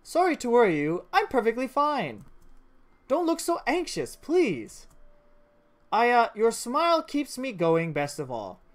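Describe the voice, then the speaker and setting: A woman voicing a gentle, ailing mother in a horror game, calm and reassuring. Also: a little high, measured pace, pitched above the performer's own voice. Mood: tender.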